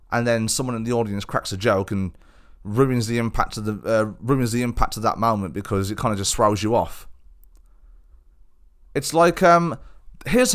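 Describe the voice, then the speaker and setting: A man's voice: mid-range voice, fairly bright tone. A young man hosting a solo podcast, talking in a rambling, frustrated way with many restarts. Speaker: podcast host.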